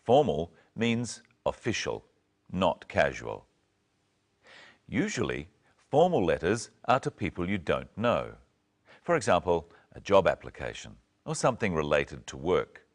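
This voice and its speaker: A man presenting an English lesson, speaking slowly and clearly and carefully modelling each phrase for learners. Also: deep voice. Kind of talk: slow, clear teaching narration.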